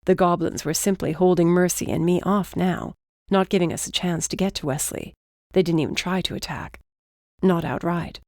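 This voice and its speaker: Female audiobook narrator, measured and steady, low register, dry booth sound. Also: no echo. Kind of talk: scripted narration.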